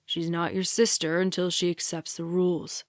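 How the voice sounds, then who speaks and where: Audiobook role: woman doing a gruff, conflicted young cult guard, low and menacing. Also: level tone, normal speed, dry recording, clean studio sound, lightly acted. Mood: threatening. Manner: low, stern and threatening.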